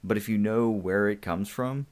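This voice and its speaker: A man in his forties talks in a casual podcast chat with a very low voice. He speeds up in animated bursts and chuckles at his own jokes. He sounds relaxed and enthusiastic. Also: normal speed. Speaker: podcast co-host.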